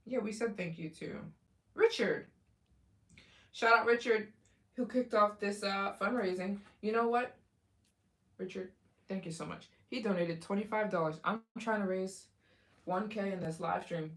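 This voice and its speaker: Chatty woman hosting a livestream. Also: mid-range voice. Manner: chatty and rambling, with many fillers and restarts. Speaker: livestream host. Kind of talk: casual livestream chat.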